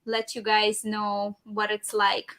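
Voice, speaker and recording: A woman's voice: medium pitch, monotone, slow, a bit bright. A woman co-hosting a casual travel live stream, giggling and chiming in with short agreements. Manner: giggly, brief agreeing interjections. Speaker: travel vlogger co-host.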